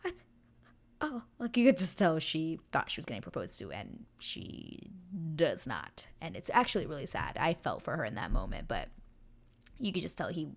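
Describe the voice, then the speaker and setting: Young woman gushing about a scene, lowish voice w some fry, chatty. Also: wildly swooping pitch, normal speed. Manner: gushing, breathless retelling with acted quotes. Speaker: show reaction host. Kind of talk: casual recap chat.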